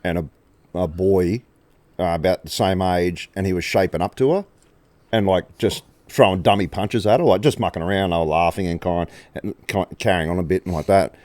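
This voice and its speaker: A man's voice: low voice, brisk, a little mellow, dry recording. A middle-aged man, co-hosting a podcast in casual, laid-back chat and telling stories. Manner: laid-back storytelling with laughs, acts out quoted voices. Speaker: podcast co-host.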